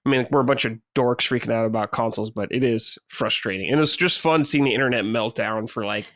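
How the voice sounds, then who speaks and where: A man's voice: mid-range voice, fast talker, fairly bright tone, dry recording, clean studio sound. A man co-hosting a gaming podcast, telling a story in casual chat and swearing freely. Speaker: podcast co-host.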